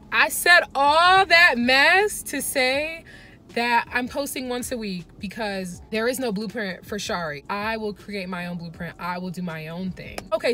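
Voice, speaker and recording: A woman's voice: mid-range voice, a bit bright. A young woman talking earnestly to the camera from her parked car, chatty and full of fillers, for a casual confessional vlog. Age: young adult. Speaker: vlogger.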